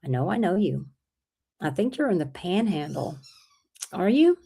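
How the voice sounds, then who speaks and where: A woman hosting a casual livestream, chatting with viewers, with an irritated throat she keeps clearing. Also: fairly low pitch, very animated, moderate pace, mellow. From Texas. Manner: chatty, rambling, reads out viewer comments. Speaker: livestream host.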